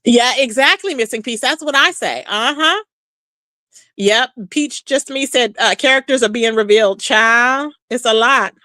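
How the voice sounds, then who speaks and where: A woman's voice: on the high side, a little slow, no echo. A woman hosting a live stream, chatting casually with viewers and reacting to comments with lots of "child". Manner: chatty, animated, says "child" often.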